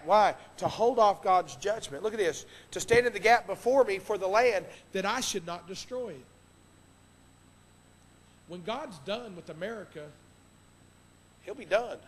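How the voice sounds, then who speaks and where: A man preaching a sermon from the pulpit, impassioned, swinging between loud exhortation and hushed earnest tones. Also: high voice. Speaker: pastor. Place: church sanctuary. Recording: long reverb of a church hall.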